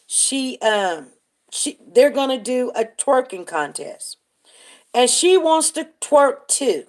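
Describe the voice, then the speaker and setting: Chatty woman hosting a slow live stream. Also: a little high, a little mellow. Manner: chatty, breaks off to greet viewers by name. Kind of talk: casual storytelling commentary.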